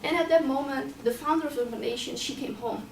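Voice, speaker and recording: A woman's voice: high voice, a little fast, creaky, slight background noise. A woman telling a personal story in a casual, plain-spoken way, repeating herself and sometimes swearing. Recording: roomy sound from a distant mic, faint ambience.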